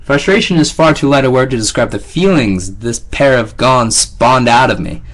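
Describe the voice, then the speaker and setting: A man's voice: mid-range voice, normal speed, fairly bright tone. A man narrating a first-person novel in a sardonic, wry tone. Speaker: audiobook narrator.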